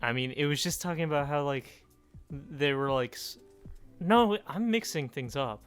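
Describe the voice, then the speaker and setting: A teenage boy on a podcast, his voice smooth and clear. He chats casually and drops in quick jokes. Faint music plays underneath. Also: on the high side, expressive. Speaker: podcast co-host. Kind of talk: casual chat.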